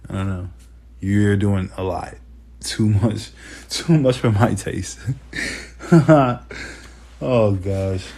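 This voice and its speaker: A man hosting a podcast, talking in a halting, emotional, rambling way. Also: on the low side, fairly even intonation, creaky, mellow, slightly rough. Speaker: podcast host. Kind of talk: casual monologue.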